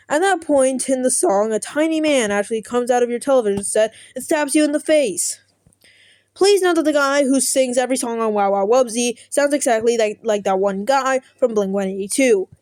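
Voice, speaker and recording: Young woman reader; snarky, profane, stumbles on words, bit high voice, dry sound. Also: a little mellow, dry recording. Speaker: content creator. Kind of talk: reading an article aloud with commentary.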